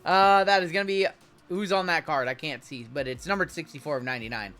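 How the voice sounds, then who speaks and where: A man's voice: fairly high pitch, fast talker, a bit bright, smooth, faint music behind. A man hosting a live card break, chatting with viewers as he calls out cards and spots. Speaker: sports card break host.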